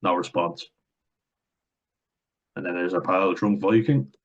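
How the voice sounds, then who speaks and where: A man's voice: low voice, steady tone, slow pace, husky, dull audio. A young Irish man with a blunt, sarcastic, sweary way of talking, reacting to comments in casual commentary. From Ireland.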